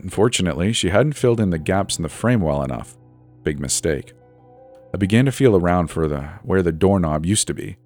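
A man reading a first-person horror story in a measured, suspenseful scripted narration. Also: deep voice. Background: soft background music.

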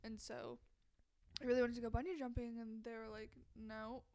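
Chatty woman in her twenties, slightly high, gravelly fry. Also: level tone, brisk, dark tone. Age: 20s. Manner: chatty, lots of "like" fillers, giggly. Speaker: guest. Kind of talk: casual chat.

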